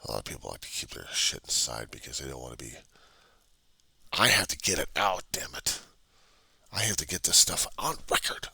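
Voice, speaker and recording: Very deep gravelly man, raw and agitated. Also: sing-song, brisk, pushed and bright, dry recording. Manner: raw, agitated, profanity-laced, repetitive. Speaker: video diarist. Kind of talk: personal video diary monologue. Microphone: computer webcam.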